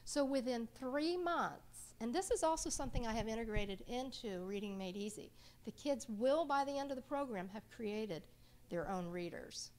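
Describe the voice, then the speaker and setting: A woman's voice: a little high, normal speed, a little mellow. Middle-aged woman teaching a reading workshop. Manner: chatty, checks in with listeners often. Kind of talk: live workshop talk to an audience.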